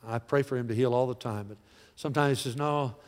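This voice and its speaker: A man of forty or older preaching a sermon in a folksy way, dropping to soft, slow lines and rising to loud calls. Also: mid-range voice, steady tone, long reverb tail. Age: 40s or older. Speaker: pastor.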